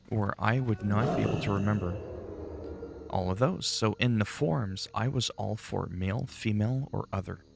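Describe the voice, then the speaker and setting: A man's voice: lowish voice, normal speed, gravelly, noisy background. A man giving casual, rambling commentary while playing a game, chatty and swearing freely. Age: adult, long-time player. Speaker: gaming channel host.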